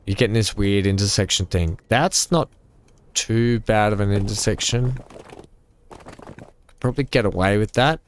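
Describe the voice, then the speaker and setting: A man hosting a let's-play, commenting casually from home, rambling, joking and thinking out loud as he plays. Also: on the low side, a little slow, long pauses, slight background noise. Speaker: gaming channel host.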